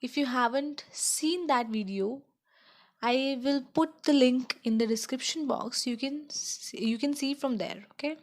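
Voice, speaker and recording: A woman teaching a slow beginner French lesson, checking in with "okay?" as she explains each point. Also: high voice.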